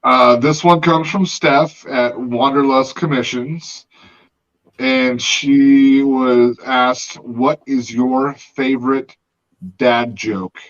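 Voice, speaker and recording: A man's voice: mid-range voice, fairly even intonation, takes it slowly, fairly bright tone. Easygoing male host on a muffled podcast mic. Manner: laid-back, reads listener questions aloud. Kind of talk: casual podcast interview.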